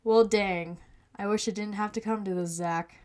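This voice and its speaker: A woman's voice: medium pitch, fairly even intonation, moderate pace, darkish tone, natural voice. Woman voicing a sly raccoon man. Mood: menacing. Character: scheming raccoon man, bitter ex-partner.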